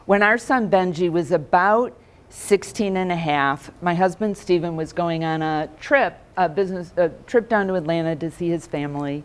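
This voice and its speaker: A woman's voice: on the low side, normal speed, smooth. A middle-aged woman giving a conversational keynote talk to a room of financial advisors, telling stories and putting questions to the audience.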